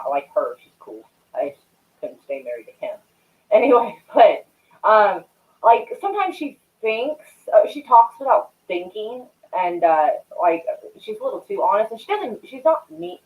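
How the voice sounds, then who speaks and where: A young woman hosts a casual live stream, rambling and swearing as she chats with her viewers. Her voice swoops up and down with lively animation. The audio is thin and tinny, like a phone line. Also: on the low side. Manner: rambling, chatty, swears freely, greets chat viewers. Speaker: livestream host.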